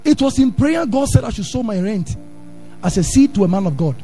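Ghanaian pastor guy preaching, high husky voice, faint music behind. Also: a little fast. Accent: Ghanaian English. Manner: animated preaching, sing-song stretches, acts out stories. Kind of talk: sermon.

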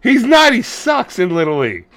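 A man co-hosting a podcast, retelling a movie in crude, rambling, animated casual chat. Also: very high voice, moderate pace, slight background noise. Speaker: podcast co-host.

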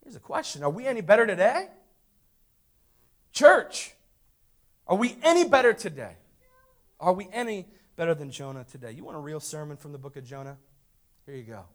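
A man in his thirties preaching a sermon, moving between hushed, quiet asides and loud, emphatic lines, firing rhetorical questions at the congregation. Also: a little high, sing-song, normal speed, long pauses. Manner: dramatic swings from hushed to loud. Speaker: pastor.

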